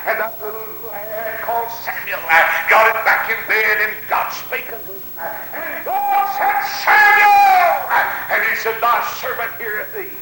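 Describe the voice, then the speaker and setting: Fervent high-voiced male preacher, echoey hall. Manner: emphatic, with frequent "uh" and "hallelujah" interjections; rises into fervent shouts. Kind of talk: sermon. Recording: echoey hall with faint hiss.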